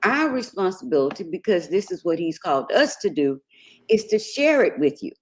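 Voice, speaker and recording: A woman's voice: fairly low pitch, normal speed. Woman reverend with a sermon-like delivery. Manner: steady, sermon-like teaching. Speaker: guest host, reverend. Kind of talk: casual morning show chat.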